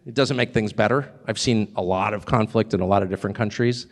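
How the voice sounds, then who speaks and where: A middle-aged man giving a live public speech as a guest speaker, animated and sardonic, with mocking asides and short chuckles. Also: on the low side, quick pace. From United States. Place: large hall with a live audience. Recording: long hall reverb with crowd.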